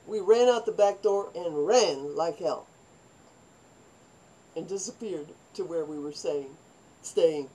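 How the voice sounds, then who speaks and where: A woman's voice: mid-range voice, measured pace, long pauses, dark tone, husky, rough recording. An older woman recounting her own life to camera in a loose, rambling monologue. She drifts between asides and throws herself into the voices of people she quotes. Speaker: vlogger telling her life story. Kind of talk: personal storytelling monologue.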